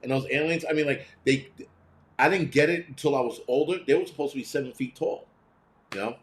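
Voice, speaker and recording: Slight background noise accompanies a man hosting a casual live stream, where he reacts to viewer comments in a blunt, profane rant. His voice has an ordinary mid pitch, and he quickly imitates the people he's describing.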